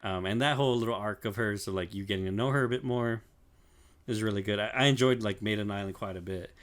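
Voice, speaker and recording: A man's voice: lowish voice, fast, no echo. Laid-back, profane man recapping. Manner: loose and profane, laughs often, many fillers. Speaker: podcast co-host. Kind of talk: casual chat, recapping an anime.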